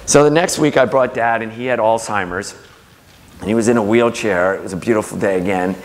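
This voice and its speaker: A man's voice: fairly low pitch, brisk. A middle-aged man giving a talk, telling family stories and acting out the voices in them. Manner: warm anecdotal storytelling, acting out quoted voices. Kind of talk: storytelling talk to an audience. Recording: long hall reverb.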